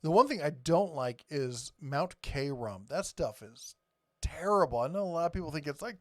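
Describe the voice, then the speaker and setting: A man's voice: on the high side, expressive, moderate pace, no echo, clean studio sound. A man hosting a casual live stream chat, joking and teasing, rambling from one topic to the next.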